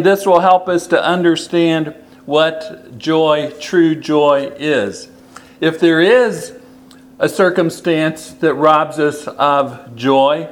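A man preaches a sermon slowly and deliberately, repeating key phrases for emphasis. His voice is a little high.

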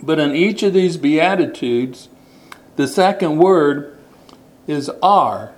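Male preacher, higher-pitched, unhurried sermon delivery with emphatic repetition. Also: animated, low-quality recording. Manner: deliberate, stresses words and repeats them. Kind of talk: sermon with scripture reading.

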